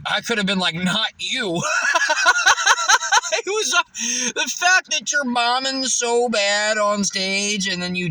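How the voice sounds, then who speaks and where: A man's voice: sits high, sharp tone. A young man talking casually to camera in a profane, rambling way, laughing often. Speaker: vlogger. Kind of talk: casual vlog monologue. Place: living in his car. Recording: distant from the mic, dry.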